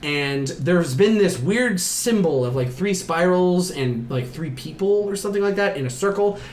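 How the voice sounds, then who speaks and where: A man's voice: high-pitched, expressive, moderate pace. Talkative man recapping a film, roomy sound. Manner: rambling, profane, acts out characters' lines. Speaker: podcast host. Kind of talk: casual chat recapping a film.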